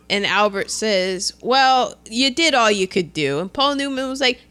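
A woman's voice: mid-range voice, measured pace, few pauses, clean tone. A young woman co-hosting a podcast, chatting casually as she recaps a film, laughing often and acting out the characters' lines. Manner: animated, laughs often, acts out quotes. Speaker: podcast co-host.

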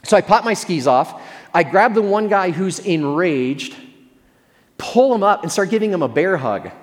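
A man's voice: sits high, animated, normal speed, long reverb tail. A male pastor giving a sermon in a conversational, storytelling way with self-deprecating humor.

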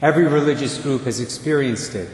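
An older man, a priest, preaching a homily in a measured, deliberate way with a wry touch. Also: mid-range voice, a little mellow. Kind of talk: sermon. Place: church. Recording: echoey church with long reverb.

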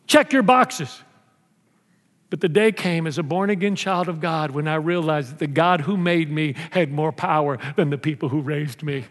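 An older man from Mexico preaching with a fairly high voice and lively delivery, acting out scenes as he goes. He sounds like he is in a large church hall with a long reverb tail. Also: moderate pace, slight background noise. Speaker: pastor. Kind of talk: sermon.

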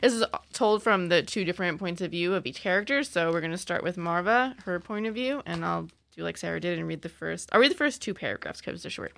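Gravelly, bright-voiced giggly woman. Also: fairly low pitch, fast, hardly any pauses, no echo. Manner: giggly, chatty, lots of fillers. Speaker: librarian guest. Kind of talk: casual book recommendations.

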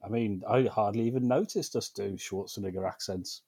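A man's voice: fairly low pitch, fairly quick, a little mellow, breathy edge, no echo. A man from the UK co-hosting a film podcast, talking in a sarcastic, laughing way. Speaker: podcast co-host. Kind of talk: casual chat.

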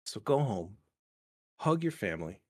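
A man's voice: lowish voice, very animated, moderate pace. A young man hosting a podcast, chatting casually and rambling with lots of restarts and swearing. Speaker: podcast host. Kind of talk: casual chat.

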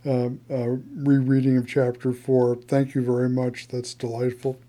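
A middle-aged man in casual conversation, speaking haltingly with many restarts. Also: medium pitch, monotone, warm tone. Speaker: co-host. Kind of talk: casual chat about scripture.

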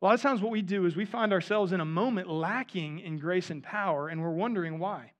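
A man's voice: high-pitched, fairly quick. A man in his thirties preaching a sermon in a conversational way, often asking his listeners "right?". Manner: conversational, asks the audience "right?". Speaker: pastor.

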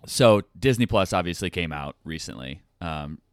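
A man in casual podcast chat, talking excitedly about his tabletop gaming gear. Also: sits low, normal speed, clean tone, no echo, studio quality. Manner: excited, enthusiastic. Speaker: podcast co-host.

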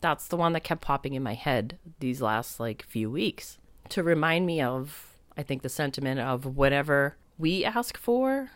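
A woman's voice: rumbling low, lively intonation, unhurried, dry recording. A woman hosting her podcast, telling a story in a chatty, reflective way full of "like" fillers. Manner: reflective, spiritual. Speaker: podcast host. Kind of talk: casual storytelling monologue.

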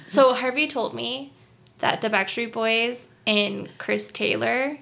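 A young woman in relaxed conversation, her bright, crisp tone roughened by a heavy gravelly fry. She tells personal stories candidly and openly, full of fillers and asides. Her pitch sits a little on the high side. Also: slow. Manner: candid, emotional storytelling with lots of fillers and laughs. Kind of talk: casual chat.

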